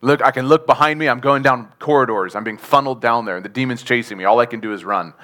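A preacher gives an earnest sermon testimony, telling his story with chuckles and putting questions to the congregation. His mid-range voice is bright and forceful, and he talks quickly.

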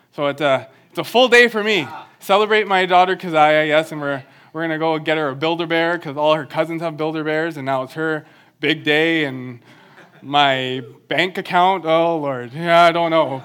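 A man's voice: a little high, fairly bright tone, smooth. A young man giving an earnest, conversational sermon with self-deprecating humor. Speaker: church speaker.

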